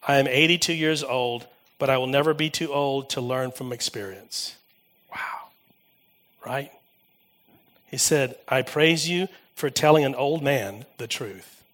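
A male pastor giving a sermon, telling personal stories with lively swings from loud emphasis to quiet asides. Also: on the high side.

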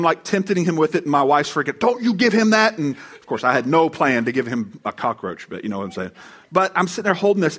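A man's voice: fairly high pitch, breathy edge. Storytelling male pastor preaching to a congregation. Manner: storytelling with humor, animated voices for quotes. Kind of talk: sermon. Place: church before a live congregation.

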